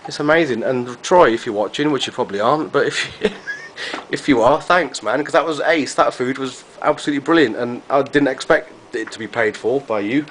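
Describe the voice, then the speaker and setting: A man's voice: medium pitch, fairly quick, a bit bright. Brief: man, vlogger, loose and gushing, circles back on his own sentences, faint background noise. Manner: rambling, effusive, repeats himself. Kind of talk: casual chat to camera.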